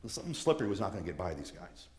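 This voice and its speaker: Man, low voice, earnest lecturer who restarts phrases; reverberant church hall sound. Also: sing-song, racing.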